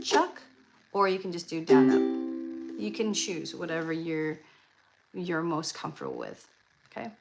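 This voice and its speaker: A woman's voice: lowish voice, poor audio. A woman leading a live-streamed ukulele lesson, chatty with fillers and restarts, often counting beats aloud. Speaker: ukulele club leader. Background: ukulele playing.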